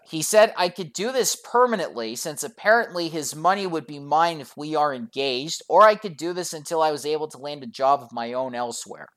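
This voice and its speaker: A woman tells a personal story to her viewers with exasperated sarcasm and frequent swearing. Her pitch swings widely between phrases, which gives the telling a lively, animated feel. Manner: profane and sarcastic. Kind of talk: storytime vlog narration.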